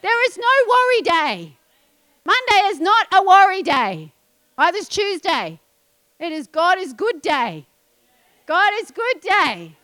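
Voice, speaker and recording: A woman pastor preaching a sermon, emphatic and animated, dropping into quiet asides. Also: very high voice, takes it slowly.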